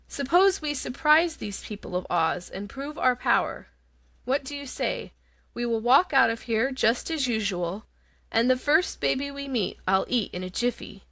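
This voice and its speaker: A woman's voice: fairly high pitch, expressive, measured pace, creaky, sharp tone, no room sound, full character voice. A woman voicing an old, hungry male tiger who talks big but turns tender, in a storybook reading. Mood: scheming. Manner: growling, boastful then tender.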